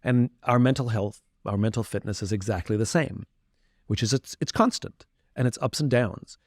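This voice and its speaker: A man's voice: fairly low pitch, moderate pace, a little mellow, no echo, studio quality. A man speaking as a podcast guest, talking candidly and reflectively about himself in conversation. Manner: candid, self-reflective, acts out quoted voices.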